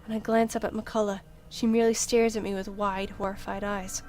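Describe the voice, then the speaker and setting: A woman's voice: medium pitch, little pitch movement, fairly quick, darkish tone, faint music behind. A woman reading the first-person narration of a story game aloud, dramatic and tense, with the odd slip. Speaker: let's-play reader.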